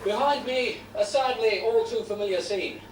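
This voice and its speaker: A man's voice: high voice, a little hiss or hum, close to an everyday voice. A man playing a TV news reporter. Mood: grave. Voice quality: measured, formal. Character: television news reporter at the scene. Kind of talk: news report within drama. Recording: echoey TV news sound from far off.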